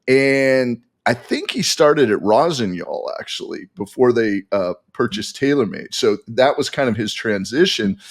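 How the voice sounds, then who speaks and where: Guy on a podcast telling a story, excited, keeps restarting, average pitch voice. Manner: animated storytelling, many restarts. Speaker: podcast guest. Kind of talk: casual podcast chat.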